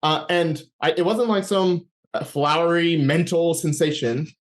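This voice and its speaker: Man, interview guest, faith testimony, slightly high voice, rambling, restarts sentences. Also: measured pace. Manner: rambling storytelling with restarts, acting out his own thoughts.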